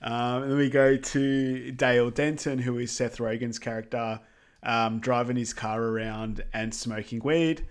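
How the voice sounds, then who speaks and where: A man in casual podcast chat, summarizing a film with an easygoing, rambling delivery full of ums. His voice is of average pitch and unhurried. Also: clean tone. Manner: relaxed, filler-heavy with lots of ums. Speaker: podcast co-host.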